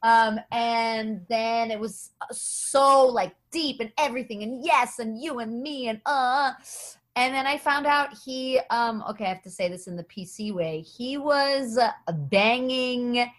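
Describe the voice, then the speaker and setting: A woman's voice: a little high, unhurried. A woman comedian chatting as a podcast guest, telling stories with quoted voices and frequent laughs. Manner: animated storytelling with quoted voices; laughs often. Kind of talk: casual podcast chat.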